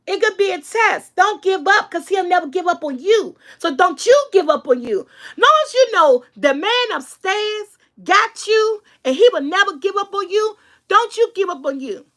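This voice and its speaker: A woman's voice: very high voice, expressive, moderate pace, fairly bright tone. A middle-aged woman vlogger, giving an emphatic, preachy motivational talk and repeating her key lines.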